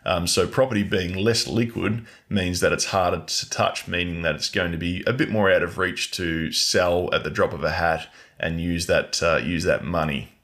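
Deep-voiced, easygoing man, finance podcast co-host who explains patiently. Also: steady tone, moderate pace, a bit bright. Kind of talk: casual finance podcast chat.

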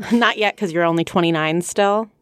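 A young woman co-hosting a casual book discussion podcast, animated and quick to laugh. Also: lowish voice, clean tone, no room sound. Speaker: podcast co-host.

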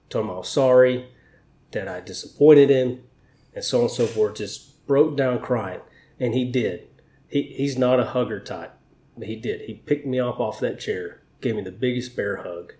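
Navy chief guy telling stories, candid and sweary, middle pitch, echoey room. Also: mellow. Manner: candid, emotional, swears freely. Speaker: interview guest, Navy chief. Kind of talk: conversational storytelling. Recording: roomy echo.

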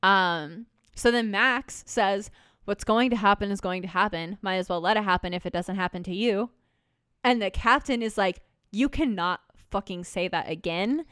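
A woman's voice: mid-range voice, normal speed, fairly bright tone, clean tone, no echo, clean studio sound. A young woman co-hosting a podcast, chatting casually and swearing freely as she recaps a musical and acts out quoted lines. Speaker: podcast co-host.

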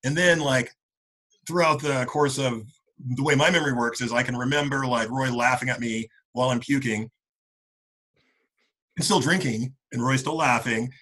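A man's voice: medium pitch, normal speed, long pauses, poor audio. A man in his late forties telling a long college story to old friends, rambling with lots of "like" and acting out what his friends said. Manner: acts out friends' lines in animated voices.

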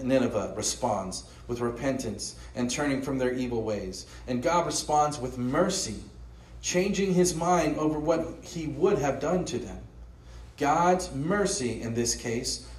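A man's voice: mid-range voice, lively intonation, unhurried, a little mellow. A pastor giving an earnest, conversational sermon, often posing rhetorical questions to his listeners. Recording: roomy echo, voice from a distance.

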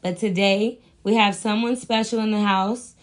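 A woman's voice: medium pitch, fairly even intonation, normal speed. A woman hosting a casual podcast, brash and hyped, cursing freely as she talks. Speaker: podcast host.

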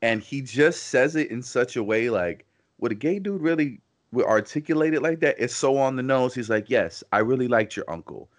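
A man's voice: mid-range voice, animated, moderate pace, hardly any pauses. A man co-hosting a casual podcast, talking in long rambling runs full of "you know" and restarts. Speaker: podcast co-host. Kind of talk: casual conversational podcast chat.

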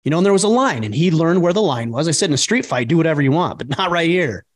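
Emphatic man, slightly high voice. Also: quick pace. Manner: emphatic, animated when quoting others. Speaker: podcast co-host. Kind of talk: casual podcast chat.

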